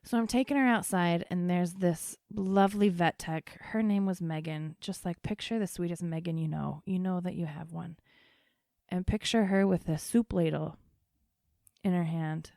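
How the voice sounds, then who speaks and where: A young woman spins a rambling story in a relaxed, profane, chatty way as a podcast host. Her voice sits a little low for a woman. The sound is close and dry, with no room echo. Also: normal speed, gravelly. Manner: chatty, profane, tells stories with quoted dialogue. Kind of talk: casual storytelling.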